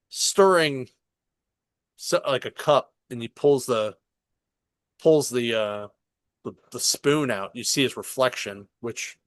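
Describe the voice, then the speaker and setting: A man co-hosting a casual podcast, excitedly retelling a show and acting out its dialogue, with frequent swearing. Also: mid-range voice, dry recording. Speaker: podcast co-host.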